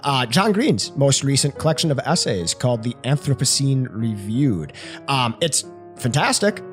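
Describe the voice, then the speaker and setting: A man's voice: medium pitch, sing-song, normal speed, faint music behind. A man co-hosting a casual book chat, joking playfully. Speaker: podcast co-host.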